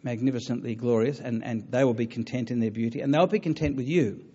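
Man, lecturer, earnest, halting, many fillers, mid-pitched voice, muffled recording. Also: dark tone, slightly rough. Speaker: lecturer on religion. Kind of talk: public talk with audience questions.

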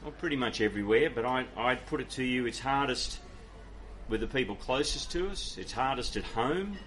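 A man's voice: medium pitch, lively intonation, moderate pace, fairly bright tone, a little hiss or hum. A man from Ireland preaching a sermon and answering audience questions in an earnest, conversational way, with many fillers and restarts. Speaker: pastor.

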